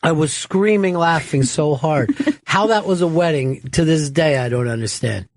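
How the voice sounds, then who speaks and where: A man's voice: a little high, moderate pace, dry recording. A man co-hosting a comedy talk show, swearing freely and laughing through his stories. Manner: profane, laughs often, lively storytelling. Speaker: podcast co-host. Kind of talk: casual comedy banter.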